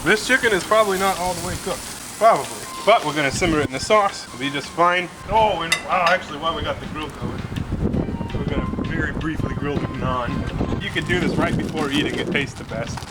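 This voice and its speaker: On his casual cooking vlog, a male host rambles and jokes in a relaxed way while cooking. His voice is on the high side and a little fast, set against a roomy sound with background music.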